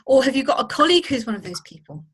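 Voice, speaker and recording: A woman with a slightly high voice gives a spoken lesson on handling emotions. She talks in a relaxed, conversational way and slips into little acted-out reactions to illustrate her points. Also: very fast, breathy edge. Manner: conversational, acts out quoted reactions. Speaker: presenter of a training course.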